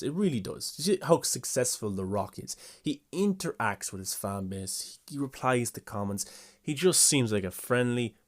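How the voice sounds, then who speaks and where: Chatty young man, enthusiastic fan host. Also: on the low side. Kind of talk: casual commentary reading fan questions.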